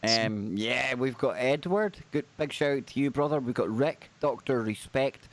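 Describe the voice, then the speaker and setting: A man hosting a live stream, chatting casually and reading out viewer names with excitable, rambling asides. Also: mid-range voice, normal speed. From United Kingdom. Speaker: livestream host.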